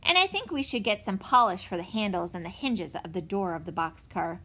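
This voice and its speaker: A woman reading aloud voices a sensible, responsible older boy who talks in a steady, practical way. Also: medium pitch, a little fast, slightly rough.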